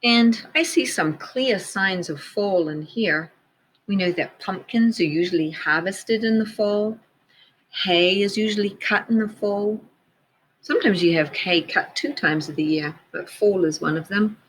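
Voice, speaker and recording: A woman teacher reading a picture book aloud to children, gently pointing out details in the pictures as she goes. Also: medium pitch, a little slow, slight background noise, poor audio.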